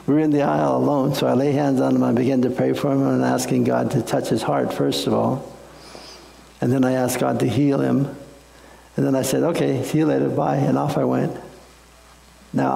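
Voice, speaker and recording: A man's voice: mid-range voice, creaky, warm tone, roomy sound, big-room sound, poor audio. A man, a pastor, preaching a sermon and telling a folksy story in a conversational way.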